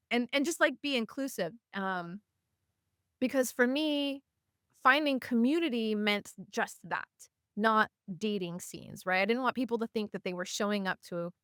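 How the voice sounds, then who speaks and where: Smooth-voiced woman telling a story. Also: mid-range voice, no echo, studio quality. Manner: animated, acts out voices of people in her stories; chatty with many fillers. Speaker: podcast guest, community organizer. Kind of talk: casual storytelling in conversation.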